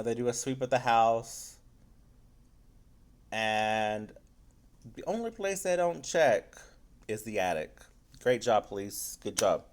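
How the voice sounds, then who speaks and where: Slow-talking, rambling male film reviewer. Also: mid-range voice. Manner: loose and rambling, frequent swearing and "like". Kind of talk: casual spoiler review chat.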